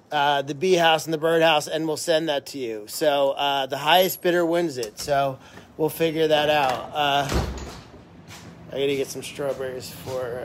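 A man with a fairly high voice hosts a casual live stream from an animal sanctuary at night. He talks with eager enthusiasm and rambles through lots of fillers. The sound comes from a handheld phone outdoors.

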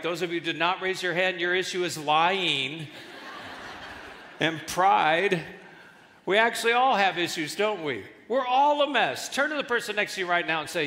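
A male guest pastor preaching a sermon with animated delivery and jokes, in a large church hall. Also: high-pitched. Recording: echoey church hall with long reverb.

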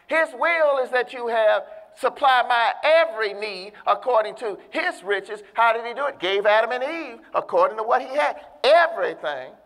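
A man with a high voice preaches a sermon in a church. He speaks emphatically and calls out to his listeners, drawing out the words he wants to land. The sound carries a long hall reverb. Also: expressive, a bit bright. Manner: emphatic, calls out to the congregation, slows down to stress key words.

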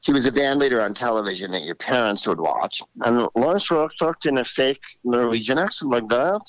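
A man in his sixties, a comedian guest telling animated stories in an interview and slipping into voices. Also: mid-range voice, a little fast, dry recording, poor audio. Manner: animated, drops into character voices. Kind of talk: storytelling interview.

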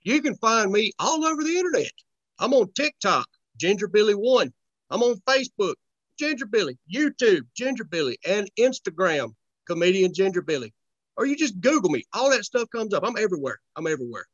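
A man's voice: sits high, very animated, brisk, fairly bright tone, no room sound, highs cut off. A young man, chatting as a comedy guest in a laid-back, joking, folksy way. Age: young adult. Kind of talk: casual podcast chat.

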